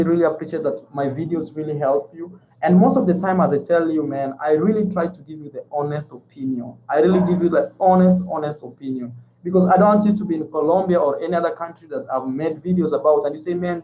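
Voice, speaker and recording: A Kenyan travel vlogger with a Kenyan accent chats casually to his viewers in a voice on the high side with a dark tone. He repeats words often and calls his audience "man," and the audio is dull with slight background noise.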